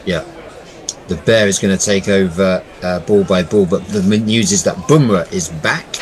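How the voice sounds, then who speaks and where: A man doing ball-by-ball cricket commentary in a chatty way, often pausing with fillers and restarting. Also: low voice, low-quality recording.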